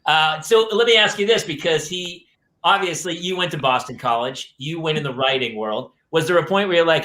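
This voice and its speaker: A middle-aged man hosting a casual chat, telling animated stories and doing his father's voice. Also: on the high side, fairly quick. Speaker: host.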